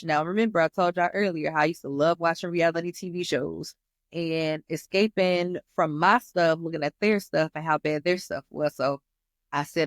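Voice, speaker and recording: A woman's voice: fairly low pitch, a little slow, no room sound, studio quality. A woman hosting her own show, speaking candidly and with animation about her personal journey, calling her listeners "y'all". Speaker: host. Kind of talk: personal testimony.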